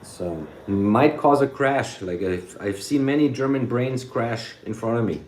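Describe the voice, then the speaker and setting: Man, mellow low-key tone, sweary rambling chat, echoey room. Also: unhurried, a little hiss or hum. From United States. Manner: rambling, sweary, drops German phrases. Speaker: vlogger. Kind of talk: casual rambling monologue.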